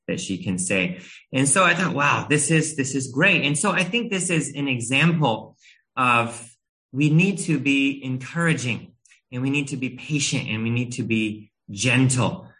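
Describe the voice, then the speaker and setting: A man in his thirties delivers a sermon, earnest and gentle, pausing now and then with small hesitations as he tells a story from home. His tone is bright and clear, sitting at an ordinary middle pitch for a man. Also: poor audio. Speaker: preacher.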